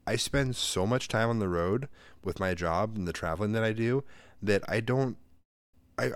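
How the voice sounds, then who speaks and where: A man in his thirties co-hosting a podcast, rambling through a story in a casual, animated way and jumping up high when he quotes people. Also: no echo. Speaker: podcast co-host. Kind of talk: casual chat.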